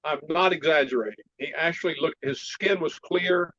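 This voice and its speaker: A man's voice: on the high side, moderate pace, sharp tone, dull audio. A man being interviewed as a martial arts teacher, telling anecdotes about an old friend. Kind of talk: storytelling in an interview.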